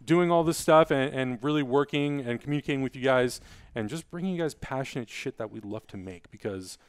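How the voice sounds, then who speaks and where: A man hosting a casual podcast chat, talking quickly and energetically as he plugs the show. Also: medium pitch, clear, resonant tone, no echo. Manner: fast, energetic plugging. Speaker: podcast host.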